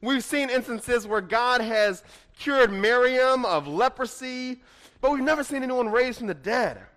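A man preaching a sermon, moving between hushed, quiet passages and emphatic, rising declarations, and reading scripture aloud dramatically. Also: very high voice, expressive, measured pace. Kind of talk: expository sermon.

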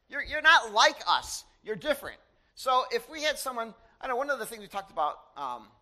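A male preacher with a high, bright voice delivers a sermon to his congregation. He talks conversationally and animatedly, with frequent asides. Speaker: pastor.

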